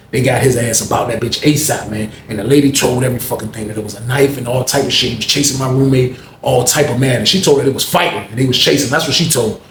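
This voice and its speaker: A man animatedly telling a profane story, acting out the scene as he goes, recorded in an echoey room. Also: medium pitch. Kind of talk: casual storytelling. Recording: echoey room with faint background noise.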